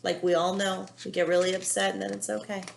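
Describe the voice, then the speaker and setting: A woman teacher reading a children's picture book aloud, pausing often to gently explain feelings to young listeners. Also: mid-range voice, level tone, vocal fry, very noisy. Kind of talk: children's read-aloud with commentary.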